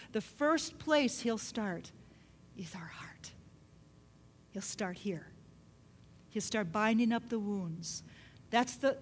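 Middle-aged lady preaching, earnest story, goes soft and hushed sometimes, echoey hall w/ faint rumble. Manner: earnest, drops to a soft hush at emotional points. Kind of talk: sermon with personal storytelling. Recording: long hall reverb with faint low rumble.

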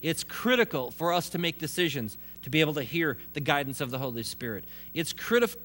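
A man's voice: on the high side, fairly bright tone. A man preaching a sermon in a conversational way, with restarts and joking asides. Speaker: pastor.

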